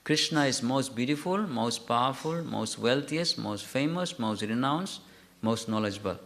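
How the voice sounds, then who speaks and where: A man teaching a scripture class, telling a story in a halting way, correcting himself and putting questions to his listeners. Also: medium pitch, expressive, a bit bright. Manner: halting, self-correcting, asks the audience questions. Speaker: lecturer.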